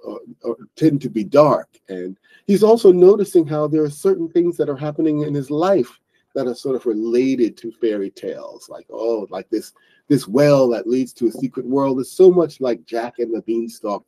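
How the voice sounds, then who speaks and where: A man's voice: mid-range voice, dark tone, rough recording. A man hosting an online English book club, explaining a story in a loose, rambling way with many fillers and restarts. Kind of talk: casual explaining lesson.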